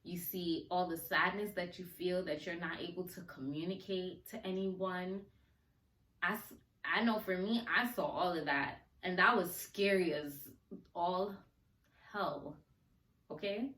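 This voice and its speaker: A woman hosts her own podcast in a slow, unhurried, heartfelt way, laughing often as she talks. Her voice sits a little low. The recording is roomy and echoey, with her a bit back from the mic. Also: fairly even intonation, fairly bright tone, far from the mic. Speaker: podcast host. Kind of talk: solo podcast talk.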